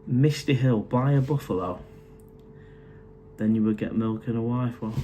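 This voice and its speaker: A man's voice: mid-range voice, moderate pace, dark tone. A man, casually chatting on a live stream from his condo, reading out viewer comments and calling everyone mate. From England.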